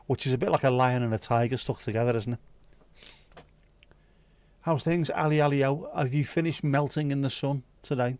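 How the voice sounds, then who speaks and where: A man's voice: mid-range voice, moderate pace, a little mellow, dry recording. A man hosting a livestream, chatting casually with viewers, rambling and musing aloud with plenty of swearing. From Wales. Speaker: livestream host.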